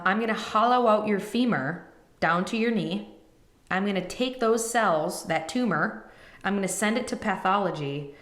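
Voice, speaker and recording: A woman's voice: fairly low pitch, echoey room. A woman in her thirties, a podcast host, emotionally retelling a personal story and acting out the people in it. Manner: emotional, quotes others in retelling.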